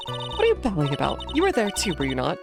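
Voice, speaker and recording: A woman's voice: lowish voice, wildly swooping pitch, fast talker, gravelly, music in the background, exaggerated voice. A woman voicing a haughty young female prosecutor in a video game, speaking in a scornful, demanding tone.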